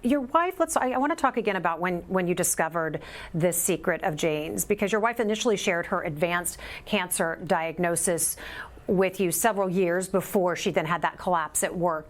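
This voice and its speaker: A woman hosting an interview, asking gentle, probing questions with frequent fillers. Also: on the low side. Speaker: host.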